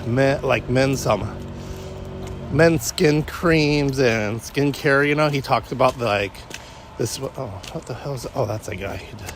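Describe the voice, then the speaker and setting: A man's voice: mid-range voice, unhurried, slight background noise. A man talking casually while out on a morning walk, meandering from thought to thought and restarting sentences often. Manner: meandering, self-interrupting, frequent restarts. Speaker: vlogger. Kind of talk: rambling walk-and-talk vlog.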